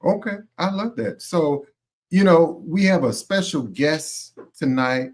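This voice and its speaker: A man's voice: fairly high pitch, slow. A man hosting a radio talk show, chatting casually with loose "you know" fillers.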